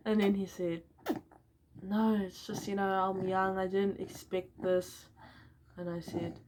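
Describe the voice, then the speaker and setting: A woman's voice: medium pitch, fairly even intonation, unhurried, noisy background. A young woman, a new mother, candidly telling her personal story and acting out both sides of old phone calls. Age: young adult.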